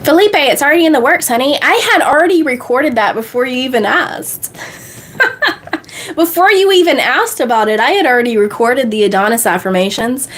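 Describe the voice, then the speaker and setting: Bubbly high-voiced woman coach on a livestream. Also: animated, a bit bright, slight background noise. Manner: bubbly, fast, reads out chat questions and answers them. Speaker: manifestation coach.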